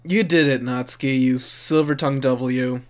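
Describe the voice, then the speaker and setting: A man giving casual, excitable reaction commentary as an anime reviewer, swearing and thinking aloud, openly moved. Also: mid-range voice, moderate pace. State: emotionally moved.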